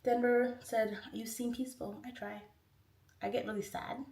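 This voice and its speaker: A woman's voice: on the high side, level tone, normal speed, creaky, darkish tone. A woman hosting a casual livestream, rambling and chatty as she reads out viewer comments. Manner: chatty and rambling, heavy use of "like". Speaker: livestream host. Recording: roomy echo, distant mic.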